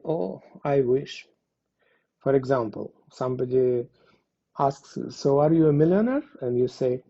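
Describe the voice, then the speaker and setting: A man's voice: mid-range voice, unhurried, warm tone, muffled recording. A man teaching a Spanish lesson, explaining patiently with frequent fillers. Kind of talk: language lesson.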